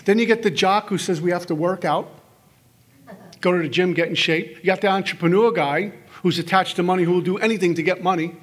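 At a recovery workshop in a hall, a middle-aged man addresses a live audience in a high, somewhat husky, slightly bright voice. He tells humorous stories and acts out the voices in his head through quick little scenes and asides.

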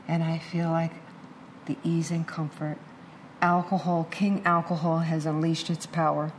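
With a deep voice at a measured pace, a middle-aged woman candidly tells an audience about her recovery, voicing the people she quotes in animated fashion. A little hiss or hum runs under the recording.

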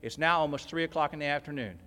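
A quick-paced man shares his own story as a workshop speaker at a recovery convention, his voice ringing with long reverb through a big convention hall. He's an animated storyteller, swinging from loud, excited, almost shouted passages to hushed, low asides.

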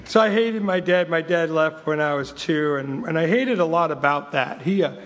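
A man's voice: fairly high pitch, normal speed, long reverb tail, a crowd in the background. A man in his fifties, originally from England, giving an emphatic, wryly humorous recovery talk and reading from a book. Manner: emphatic and repetitive, wry humor. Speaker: recovery meeting speaker.

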